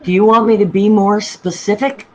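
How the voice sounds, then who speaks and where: A woman from the American South with a softened Southern accent, chatting casually with a dry, wry manner. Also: medium pitch, steady tone, moderate pace, a little hiss or hum, poor audio. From southern United States. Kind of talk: casual chat.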